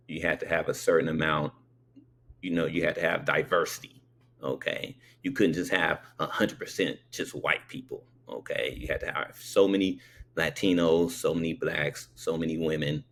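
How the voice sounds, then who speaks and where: A man's voice: sits low, vocal fry. A man telling a personal story in a conversational way, often checking in with the listener.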